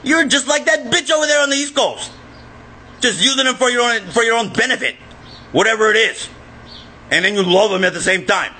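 A man filming himself in an agitated, profane rant that often breaks into shouting. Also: extremely high pitch, a little fast, slight background noise. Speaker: vlogger. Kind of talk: angry self-filmed rant.

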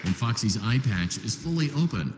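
A man voicing a calm game repair instructor. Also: medium pitch, a loud crowd, close to an everyday voice. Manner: measured, formal instructions. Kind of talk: scripted game tutorial narration. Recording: roomy game audio with music.

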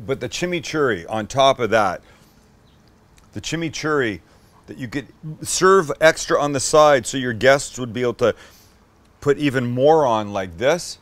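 A man's voice: mid-range voice, expressive, unhurried, no room sound. A middle-aged man hosting a casual cooking demo, enthusiastic and swearing as he tastes his food on camera. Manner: enthusiastic, swears, talks to camera while eating. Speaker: cooking show host.

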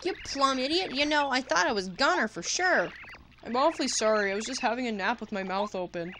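Woman as an ornery backwoods bug critter in a game voice, drawl, feisty, pitched up. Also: animated, a little fast, fairly bright tone, a little hiss or hum. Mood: grumbling. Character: ornery small backwoods bug creature, male.

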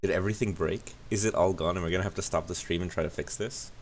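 A young man giving joking, casual commentary while streaming a video game, excitable and swearing often. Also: low voice, quick pace, a little hiss or hum. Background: game music.

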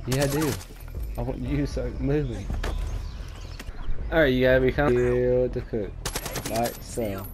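A man's voice: medium pitch, fairly even intonation, measured pace, pauses often, noisy background. A man casually commenting on gameplay as host of his gaming channel, rambling and chatty with lots of fillers.

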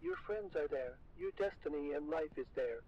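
Harsh preachy game elephant, gravelly, swoopy pitch, dull lo-fi sound. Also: male voice, huge pitch swings, normal speed, full character voice. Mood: stern. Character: stern talking elephant lecturing a kid.

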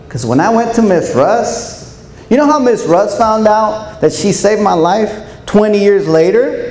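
A man giving a storytelling speech to an audience of educators in a large hall, speaking in an animated way and acting out quoted voices. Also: fairly high pitch. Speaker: keynote speaker. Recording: echoey hall, faint room noise.

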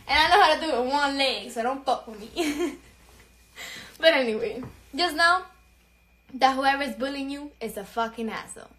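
A woman's voice: sits high, expressive, a little slow, long pauses, a bit bright, echoey room. A young woman telling a story on a phone livestream, swearing freely, laughing, mixing in Spanish, and short of breath. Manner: profane, laughing, code-switching into Spanish. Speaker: social media personality.

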